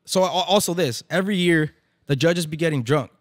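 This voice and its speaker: A man's voice: on the high side, a little fast, no echo, studio quality. A man, a barber event organizer, telling a story in casual, profane slang and slipping into Spanish now and then. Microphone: podcast microphone.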